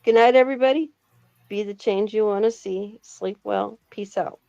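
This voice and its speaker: A woman's voice: mid-range voice, normal speed, gravelly, warm tone, smooth, no echo, highs cut off. A woman who is a guest on a livestream, chatting in a playful, exaggerated way. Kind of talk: casual livestream chat.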